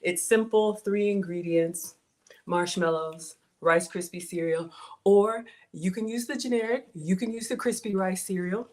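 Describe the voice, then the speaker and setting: A woman's voice: medium pitch, unhurried, darkish tone. A middle-aged woman hosting a casual home cooking livestream, playful and chatty as she greets viewers by name. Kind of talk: casual live cooking stream chat. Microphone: streaming from home setup.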